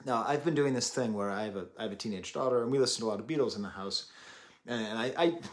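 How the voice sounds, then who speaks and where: This is a man in his thirties, a music reviewer, talking fast in a lowish voice. He reviews an album in casual chat, rambling and self-deprecating, tossing in jokey asides.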